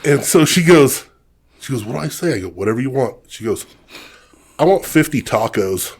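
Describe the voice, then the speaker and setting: A man's voice: medium pitch, lively intonation, moderate pace, husky. A middle-aged man co-hosting a podcast, telling a family story in an easygoing way. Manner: easygoing, laughs through his story. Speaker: podcast co-host. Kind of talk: casual storytelling.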